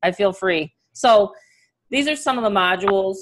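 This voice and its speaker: A middle-aged woman with a New York accent who leads a live online business training over a video call, talking in an energetic, chatty way and laughing often. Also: medium pitch, moderate pace, noisy background.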